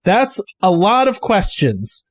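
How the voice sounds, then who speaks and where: A man's voice: high voice, huge pitch swings, takes it slowly. A man narrating as game master in a loose, chatty way with plenty of fillers.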